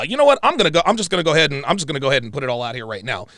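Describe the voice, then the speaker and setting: Fiery, animated man ranting. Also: rapid-fire, few pauses, no echo, clean studio sound. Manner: angry, profane, repeats himself; animated pitch swings. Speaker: show host. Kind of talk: heated livestream rant.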